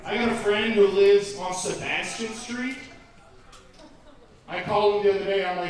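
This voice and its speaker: A man doing a profane, animated stand-up set in a comedy club, incredulous and ranting. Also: high voice, moderate pace. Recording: echoey club from far off, crowd.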